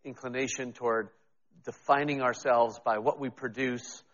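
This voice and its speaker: Conversational pastor, reverberant church. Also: male voice, mid-range voice, steady tone, normal speed, fairly bright tone, lo-fi sound. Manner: conversational, self-deprecating, with restarts. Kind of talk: sermon.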